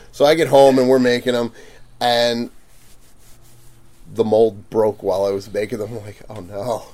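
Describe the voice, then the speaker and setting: A man telling stories in a casual chat, animated, laughing and acting out quotes loudly. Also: mid-range voice, a little slow, pauses often. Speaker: guest vendor.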